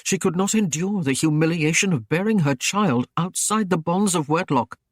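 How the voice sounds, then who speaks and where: Male narrator voicing a careful, nervous young servant, higher pitch, close dry read. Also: lively intonation, moderate pace, no echo. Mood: earnest. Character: anxious loyal young male Saxon servant.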